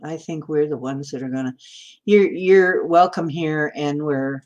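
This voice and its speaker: A radio-trained woman with a flat, announcer-style Midwestern American accent hosts a casual spiritual livestream, reading viewers' comments, chatting with them and laughing often. Her voice is low and unhurried, and the recording sounds muffled.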